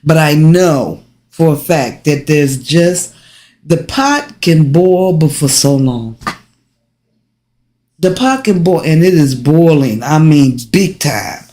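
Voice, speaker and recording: A woman from the United States hosting a casual livestream, talking straight to her viewers with lively rhetorical questions. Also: sits low, slow pace. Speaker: livestream host and relocation guide.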